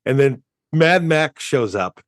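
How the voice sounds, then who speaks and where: A man's voice: mid-range voice, lively intonation, slow, no room sound, studio quality. Rambling man, podcast co-host. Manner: rambling, restarts often, chuckles while talking. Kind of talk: casual movie chat.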